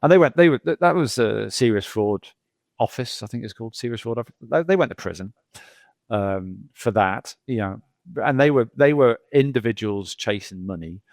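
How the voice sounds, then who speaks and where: Gravelly middle-aged man, rambling talk. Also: mid-range voice, expressive, moderate pace, a little mellow, no room sound. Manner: rambling, anecdotal, many repeats and "you know". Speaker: geologist guest. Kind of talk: casual podcast conversation.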